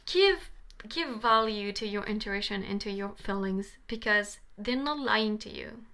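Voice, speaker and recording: A woman's voice: medium pitch, unhurried, sharp tone. A young adult woman giving a passionate tarot reading to camera, pleading and repeating herself eagerly. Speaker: tarot reader.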